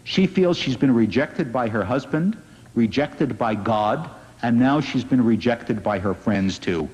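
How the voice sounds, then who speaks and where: A man, a rabbi, giving an inspirational public talk in an earnest, gently wry storytelling manner. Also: medium pitch, animated, unhurried, slightly rough. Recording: dull lo-fi recording in a reverberant hall.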